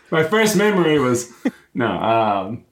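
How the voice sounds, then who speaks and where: A playful young man from the American South jokes his way through a casual chat. His voice moves up and down a lot and sits at an ordinary middle pitch. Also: drawn-out words. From Southern United States. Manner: playful, jokey, lively pitch.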